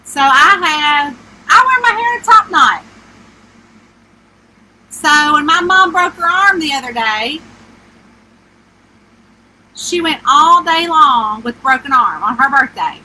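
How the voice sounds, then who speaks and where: Bright, high-voiced woman. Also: lively intonation, slow pace, long pauses, low-quality recording. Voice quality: high-pitched, squeaky and twangy. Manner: chatty, greets viewers by name. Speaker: author hosting a livestream. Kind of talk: casual live-stream chat. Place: inside a small camper with the air conditioner running.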